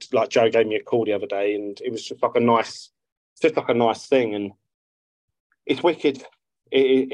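A man's voice: fairly low pitch, darkish tone, no echo, low-quality recording. A man, chatting casually as a guest musician, rambling and swearing freely. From South London. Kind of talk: casual interview chat.

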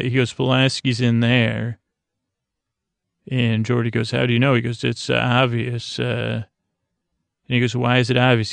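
A man's voice: mid-range voice, creaky, no room sound. A man hosting a podcast, giving a sleepy, rambling recap of an episode with many fillers. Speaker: podcast host.

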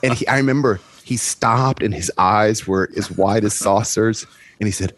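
Podcast host, male, low voice, animated storyteller, dry close sound. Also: normal speed, no room sound. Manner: animated storyteller, voice climbs high when excited. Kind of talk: conversational storytelling in an interview.

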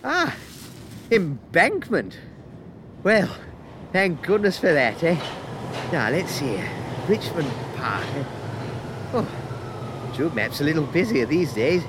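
A man's voice: on the high side, very animated, slow, pauses often, background noise. A man narrating a comic audio sketch, bumbling and chatty, talking to listeners as his friends.

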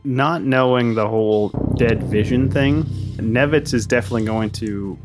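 A man's voice: medium pitch, normal speed, over music. A man playing a tabletop role-playing game, describing his character's actions in a matter-of-fact, wry way. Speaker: player. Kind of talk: casual tabletop play.

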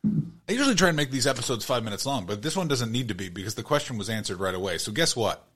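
A man's voice: fast, husky. Guy doing a sweary comedy rant on his podcast, voice swinging up and down. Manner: ranting, profane, animated swings in pitch. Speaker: podcast host. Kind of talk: comedic monologue.

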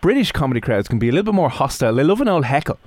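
A man's voice: mid-range voice, very fast, no room sound. Podcast host guy, jokey, voice bounces all over, dry close sound. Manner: lively, jokey, acts out quotes. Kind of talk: casual chat.

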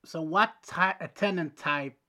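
Slow, bright-voiced male interviewer. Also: a little high. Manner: slow, hesitant questioning. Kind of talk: casual interview questions.

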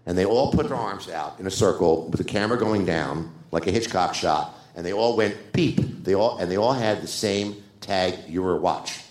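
A man with a lowish voice tells a long behind-the-scenes story and acts out the other people in it. His delivery is animated. The room around him is echoey. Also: normal speed, hardly any pauses. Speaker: screenwriter guest. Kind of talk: anecdotal storytelling. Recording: roomy echo.

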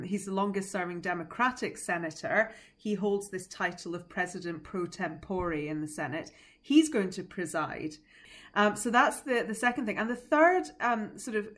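A woman talks through the politics in a measured, explanatory way, the way a teacher would. She sounds like she is thinking aloud and now and then gives a small laugh. Her voice sits at a middle pitch. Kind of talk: analytical podcast discussion.

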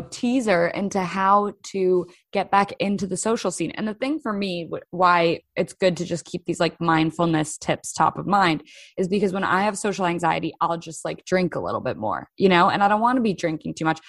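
A woman's voice: medium pitch, no room sound, studio quality. A woman co-hosting a casual chat podcast, talking in a candid, easygoing way and laughing often. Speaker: podcast co-host.

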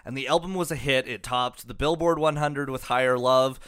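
A man's voice: mid-range voice, normal speed, fairly bright tone, clear, resonant tone. A man co-hosting a casual comedy podcast, reading out a musician's history with lots of fillers and swearing. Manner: profane, filler-heavy storytelling. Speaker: podcast co-host.

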